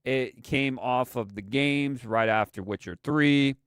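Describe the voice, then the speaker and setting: A man's voice: medium pitch, slow pace, clean tone, no echo, clean studio sound. A man casually commenting on a live stream, rambling and hesitant with plenty of fillers.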